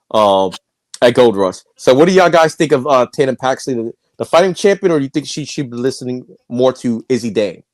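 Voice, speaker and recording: A man co-hosting a casual podcast, giving a steady, conversational recap and asking the others questions. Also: medium pitch, a little fast, dry recording. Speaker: podcast co-host recapping wrestling.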